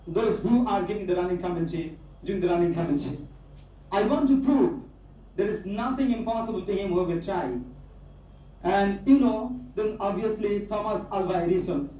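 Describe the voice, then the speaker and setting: High-voiced Bangladeshi man speaking in an echoey hall. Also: mellow. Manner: emphatic, repeats key phrases. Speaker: guest speaker addressing students. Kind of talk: motivational speech. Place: large echoey university hall. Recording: echoey hall, distant mic, faint background noise.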